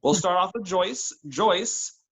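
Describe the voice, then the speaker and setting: Man, game master, casual chatty narration, fairly high-pitched. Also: animated, slow pace, noisy background. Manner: casual, chatty, with restarts and laughs.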